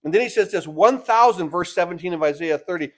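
A man preaching a sermon, swinging between loud emphatic lines and soft, slowly drawn-out phrases, often repeating words as he builds his points. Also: sits high, lively intonation.

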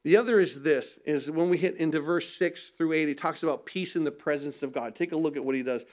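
Guy preaching a sermon, high voice, keeps asking the crowd questions and answering them, stumbles on repeats. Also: a little fast, darkish tone. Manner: emphatic, asks rhetorical questions then answers them; repeats words when starting sentences.

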